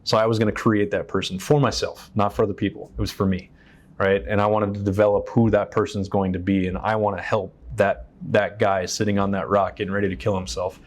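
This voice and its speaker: A man's voice: fairly low pitch, flat delivery, a little fast. A man and military veteran, an interview guest telling personal stories in a casual, candid way, swearing freely and acting out the voices of people he quotes. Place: stage in his shop.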